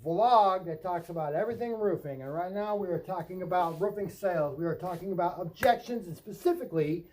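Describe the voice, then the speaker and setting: Brief: male sales trainer, higher voice with a dark, mellow tone, emphatic, keeps asking "right?". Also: slight background noise, poor audio. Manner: emphatic coaching, role-plays customer and salesman lines; repeats "right?" to check in with viewer. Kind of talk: instructional vlog.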